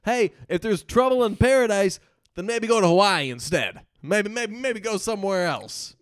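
A man's voice: high-pitched, lively intonation, moderate pace, no room sound, clean studio sound. A man hosting a comedic call-in morning radio show, talking in a playful, rambling, teasing way with a slight put-on southern twang.

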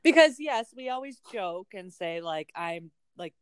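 A woman co-hosting a podcast, chatting in a relaxed, wry way with short reactions. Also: fairly low pitch, measured pace, clean tone, no room sound, clean studio sound. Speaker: podcast co-host. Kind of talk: casual podcast chat.

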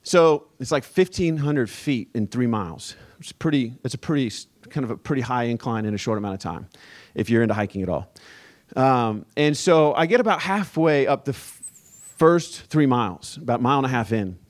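A male pastor preaching a sermon as a relaxed, conversational personal story. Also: mid-range voice, brisk. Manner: casual, conversational storytelling with fillers.

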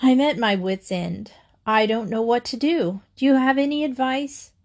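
A woman's voice: fairly high pitch, moderate pace, voice pushed up, lightly acted. A woman reading aloud and voicing a worried, exasperated mother in a storybook. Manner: fretful, exasperated. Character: worried mother of a picky-eating boy.

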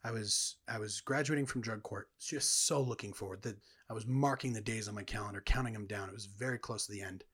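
A man's voice: fairly low pitch, brisk, few pauses, a bit bright, breathy edge. A man earnestly telling his personal testimony as a guest in a conversation. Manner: earnest, reflective storytelling.

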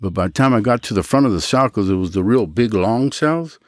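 A man telling stories from his life in a casual interview, animated and acting out the voices of others. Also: a little fast, no room sound, studio quality. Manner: animated storyteller, jumps high to act out quoted voices; Christian, speaks of his faith. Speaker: guest.

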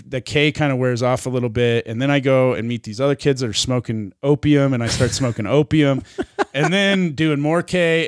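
A man's voice: mid-range voice, dry recording, clean studio sound. A man co-hosting a podcast, telling a long rambling story in casual chat, swearing constantly and laughing along the way. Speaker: podcast co-host.

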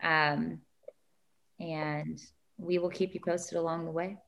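Tired woman, lower voice. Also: flat delivery, takes it slowly, vocal fry, fairly bright tone. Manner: chatty, emotional storytelling with many fillers. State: tired, short on sleep. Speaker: podcast co-host. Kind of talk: casual chat.

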